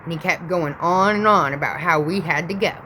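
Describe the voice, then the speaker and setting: A woman's voice: on the low side, fairly quick, pushed and bright, slight background noise, low-quality recording. A woman in her thirties telling a rambling, profane story in a casual vlog.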